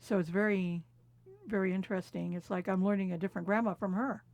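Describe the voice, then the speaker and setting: A woman in her fifties from California telling family memories in a reflective, unhurried way, laughing softly at times. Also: medium pitch, steady tone, creaky, lo-fi sound. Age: 50s. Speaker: interviewee. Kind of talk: personal storytelling conversation. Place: quiet recording booth.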